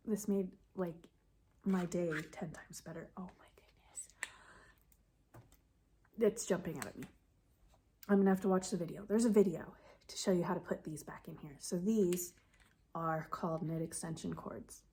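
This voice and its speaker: A sniffly woman knitting vlogger chatting excitedly as she unboxes a gift, sometimes dropping to a whisper. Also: on the low side, normal speed, a little hiss or hum. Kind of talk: casual unboxing chat.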